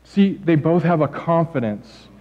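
A middle-aged male pastor delivers a lively, joking sermon in a high voice, slipping into quoted lines. The recording is dull and muffled, and a long reverb hangs on every phrase from the church hall. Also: a little slow. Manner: animated, joking, acts out quotes.

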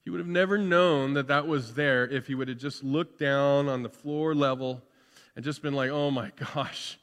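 A male pastor preaching a sermon, moving between loud, excited preaching and quiet, intimate tones. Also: mid-range voice, moderate pace. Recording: long hall reverb.

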